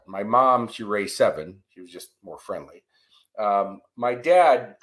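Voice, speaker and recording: A man on a podcast as a guest coach and author, telling lively stories and acting out the exchanges he quotes. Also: mid-range voice, poor audio. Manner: animated storyteller, acts out quoted exchanges. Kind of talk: storytelling podcast interview. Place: abroad in Australia, remote interview.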